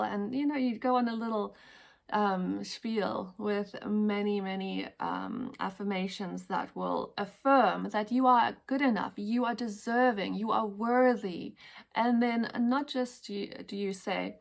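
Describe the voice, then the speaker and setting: Soft-spoken woman with a gravelly edge. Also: mid-range voice, steady tone, slow pace. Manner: gentle, chatty, with fillers and repetitions. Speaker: wellness vlogger. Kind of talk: casual talk to camera. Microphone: headphones on.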